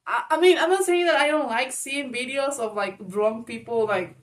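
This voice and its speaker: An advice vlogger gives viewers casual spoken advice, frank and chatty, laughing often, swearing, and calling the listener baby. Her voice is high-pitched, at normal speed, from a distant mic.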